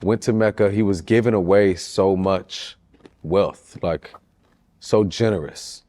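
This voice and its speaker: A man's voice: sits low, slow, warm tone. A man from Chicago, a musician talking as a guest in a casual interview, laid-back and slangy. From Chicago, United States. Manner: laid-back, slangy, often saying "you know what I'm saying".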